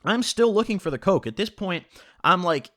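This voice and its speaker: A man's voice: high voice, moderate pace, dry recording, clean studio sound. A man telling a story in a casual vlog, swearing often and filling his talk with "like". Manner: animated, heavy swearing and filler "like". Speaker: storytelling vlogger.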